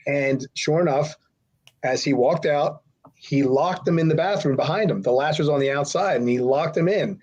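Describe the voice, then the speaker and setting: A man's voice: mid-range voice, moderate pace, a little mellow. A middle-aged man telling a long, rambling anecdote as a podcast guest and acting out the other people's lines in voices. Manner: rambling, acts out quotes with voices. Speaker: podcast guest, former wrestler. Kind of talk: casual storytelling. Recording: slightly dull lo-fi audio.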